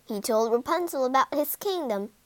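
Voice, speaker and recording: A woman narrating a fairy tale in an expressive, dramatic storytelling manner. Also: sits high, normal speed, dry recording, poor audio.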